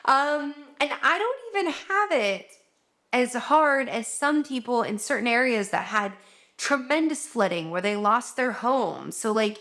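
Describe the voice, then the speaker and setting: A doctor and vlogger speaks candidly at home in a slightly high, bright voice with lively intonation and an unhurried pace. Worn out and almost in tears, she rambles emotionally and uses many fillers.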